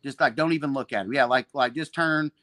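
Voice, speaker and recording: A man in his forties speaks at a middle pitch, telling loose, profane stories with many false starts. His tone is casual and chatty. The recording is dry and close. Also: fairly quick, pushed and bright, no room sound. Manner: rambling, profane, frequent restarts and laughter. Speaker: podcast guest, jiu-jitsu black belt and gym owner. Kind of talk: casual storytelling chat.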